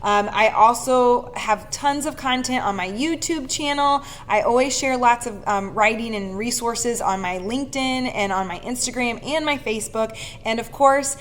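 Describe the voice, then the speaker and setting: A woman in her thirties talks straight to camera with an earnest coaching manner and a fairly high voice. Her tone is casual and animated, with quick laughs slipping in. A faint hiss of background noise sits under the recording. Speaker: speaker and leadership facilitator.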